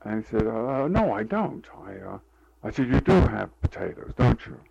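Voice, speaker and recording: An older man with a deeply gravelly voice tells a rambling story from his past, filled with fillers and recalled dialogue. The recording sounds dull and lo-fi, with a faint hiss behind him. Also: big pitch swings, moderate pace, dark tone. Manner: meandering, full of fillers, acts out quoted dialogue. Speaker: interviewee telling a life story.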